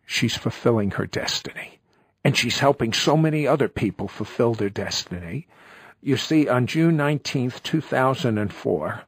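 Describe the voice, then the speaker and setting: A man's voice: mid-range voice, creaky, slightly rough, dry recording, clean studio sound. A man hosting a Christian talk show, speaking emphatically with frequent hesitations as he introduces his guest.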